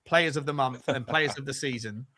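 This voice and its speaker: Lively, bright-voiced football host. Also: male voice, mid-range voice, moderate pace, slight background noise. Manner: animated, banter-heavy, repeats words. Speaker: podcast host. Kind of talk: casual football chat.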